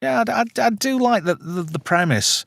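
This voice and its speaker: A man hosting a casual podcast, relaxed and chatty as he thanks guests and viewers. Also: high voice, normal speed, vocal fry, no room sound, clean studio sound. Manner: relaxed, chatty sign-off patter. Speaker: host.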